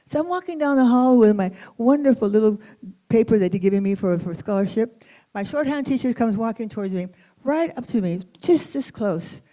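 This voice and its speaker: Woman from east LA telling her own story live, lots of pauses and acting out the bits, voice a little high. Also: rough recording. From East Los Angeles, USA. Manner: expressive, with dramatic pauses and acted-out quotes. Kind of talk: live personal storytelling performance.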